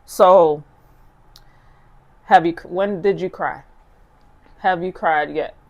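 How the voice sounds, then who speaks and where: Woman podcast host, lower pitch, supportive, affirming murmurs, casual chat. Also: fairly even intonation, slow, muffled recording. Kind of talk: casual conversation.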